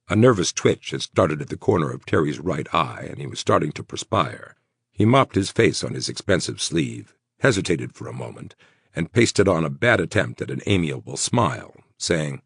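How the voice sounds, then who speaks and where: Male audiobook narrator, deep husky voice, lively intonation. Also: normal speed, no echo, studio quality. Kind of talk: scripted horror novel narration.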